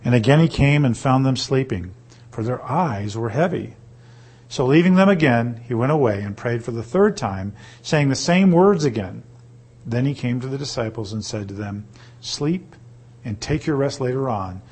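A man reading scripture aloud and teaching on it, pausing to ask his listeners rhetorical questions. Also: mid-range voice, animated, darkish tone, slightly rough. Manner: reads slowly, then explains with rhetorical questions. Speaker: Bible teacher.

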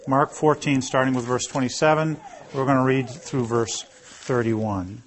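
A man's voice: medium pitch, steady tone, a little slow, background noise. A man preaching a sermon as pastor, reading scripture aloud in a conversational way and calling on listeners by name.

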